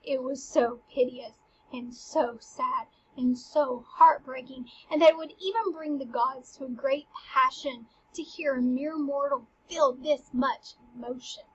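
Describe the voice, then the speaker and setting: A woman's voice: high-pitched, a little slow, husky, dull audio. A woman teacher casually explaining a play, chatty and full of "like". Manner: chatty, uses "like" a lot.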